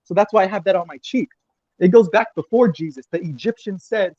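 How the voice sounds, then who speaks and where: A man's voice: high voice, fast talker, darkish tone, no echo, dull audio. A man guest on a livestream, talking in a rambling, agitated and profane way, repeating himself as he speaks. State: crying. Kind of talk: emotional livestream interview.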